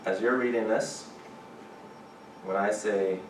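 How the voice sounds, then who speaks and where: A man giving a lively chapel sermon, rising often to excited exclamations, recorded from a distance in a large chapel. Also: on the low side, takes it slowly. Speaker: chapel speaker. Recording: echoey hall from far off, background noise.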